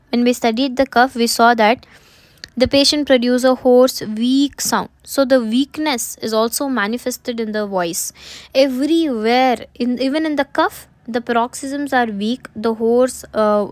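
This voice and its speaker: A woman's voice: on the high side, no echo. A woman lecturing on a medical remedy, restating each point and posing questions to herself before answering them. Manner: repeats points, asks and answers own questions.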